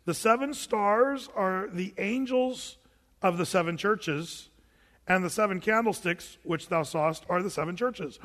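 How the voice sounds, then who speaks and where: A man's voice: high voice, a little slow, fairly bright tone, long reverb tail. A male pastor preaching a sermon in a conversational way, often acting out imagined questions from his listeners.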